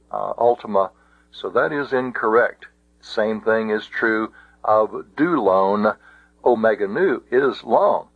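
Man, lowish voice, slow unhurried delivery, methodical grammar lesson, tinny phone-like sound, dry. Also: no room sound. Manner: methodical, careful, spells out each example. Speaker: Greek teacher. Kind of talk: explaining grammar rules.

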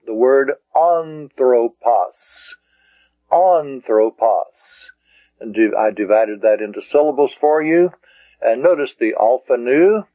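A man teaching in a slow, patient lecture style, repeating key words for his students. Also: mid-range voice, no room sound. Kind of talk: slow lecture on Greek syllables. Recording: dull lo-fi recording.

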